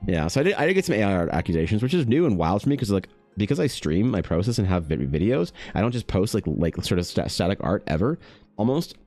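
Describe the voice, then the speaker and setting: A man's voice: lowish voice, sing-song, fast, a little mellow, faint music behind. A man casually chatting with stream viewers while drawing, rambling and swearing freely.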